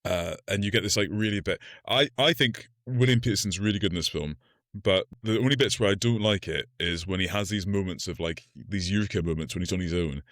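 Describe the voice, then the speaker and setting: A low-pitched man talks through a film plot in a relaxed podcast chat. He recaps scenes loosely, leaning on filler words. The close mic sounds dry with no room around it. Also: fairly quick, no room sound. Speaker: podcast co-host. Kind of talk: casual film discussion.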